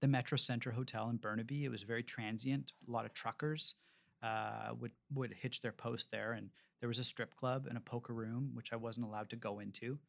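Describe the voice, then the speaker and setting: A man's voice: mid-range voice, fairly even intonation, fairly quick, vocal fry. A man in his forties, a restaurateur from Canada, telling long rambling stories in a casual interview, with plenty of fillers and restarts. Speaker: restaurateur guest.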